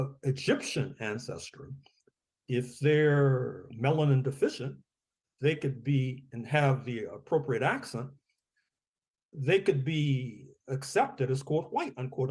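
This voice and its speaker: A man's voice: medium pitch, darkish tone. A man speaking as an author and guest on a podcast interview, discursive, often repeating his words and giving wry chuckles.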